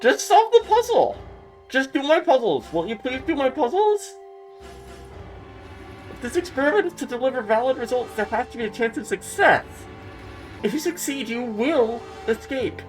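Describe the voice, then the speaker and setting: A woman's voice: sits high, sing-song, normal speed, faint music behind, pitched above the performer's own voice, poor audio. A woman voicing a pompous, condescending man who holds a girl captive, mocking and scolding her as she reads a visual novel aloud. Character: pompous condescending male captor, adult. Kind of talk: dramatic reading of a visual novel.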